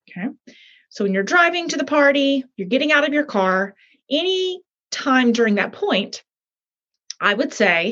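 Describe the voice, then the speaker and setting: A woman's voice: fairly high pitch, animated, unhurried, pauses often, fairly bright tone. Chatty, emphatic woman author, lo-fi sound. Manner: chatty, emphatic, acts out little scenes. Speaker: author and coach. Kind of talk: animated talk explaining a method.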